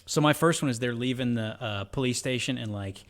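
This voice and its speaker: A man's voice: medium pitch, fairly quick. A man co-hosting a casual movie review podcast, talking about a film with enthusiasm. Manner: enthusiastic, lively, generalizing with hedges. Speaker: podcast co-host.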